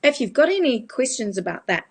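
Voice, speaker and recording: A woman's voice: fairly high pitch, very animated, brisk, slightly rough. A woman, giving a chatty live Q&A as a vocal coach. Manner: chatty, explanatory, demonstrates voice changes. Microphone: phone.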